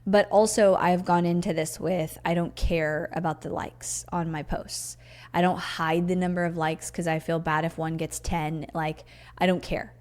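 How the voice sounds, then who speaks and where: A woman hosts a casual solo podcast, riffing off the cuff in an emphatic, chatty, teaching tone packed with "like" and "you know." Her voice is on the low side and darkish, steady in tone, at a moderate pace.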